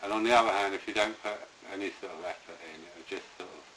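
Low-voiced meditation teacher. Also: male voice, fast talker, noisy background. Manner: rambling, hesitant, with many restarts. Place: indoor room with a live group.

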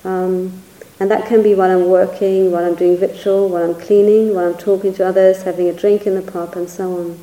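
A woman's voice: medium pitch, little pitch movement, a little fast, few pauses, warm tone, reverberant, lo-fi sound. A woman teacher giving a reflective Buddhist dharma talk, searching for words and hedging often as she speaks. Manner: reflective, searching, hedges with "sort of".

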